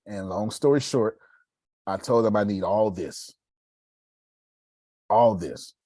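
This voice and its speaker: Male motivational speaker, low husky voice, animated and preachy, dry close sound. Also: slow pace, no room sound. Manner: animated, swings between loud bursts and hushed asides. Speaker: motivational speaker on live video. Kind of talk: casual preacherly live talk.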